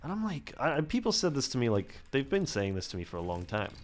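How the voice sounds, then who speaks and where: A man's voice: medium pitch, huge pitch swings, fast talker. A young man giving casual game commentary while he plays, rambling off on tangents and putting himself down. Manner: rambling, digressive, self-deprecating. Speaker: gameplay commentator.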